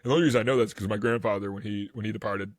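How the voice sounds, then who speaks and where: A man's voice: fairly low pitch, steady tone, very fast, no echo, studio quality. A man co-hosting a podcast. He tells rambling stories in casual chat, laughs easily and acts out the people he quotes. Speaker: podcast co-host.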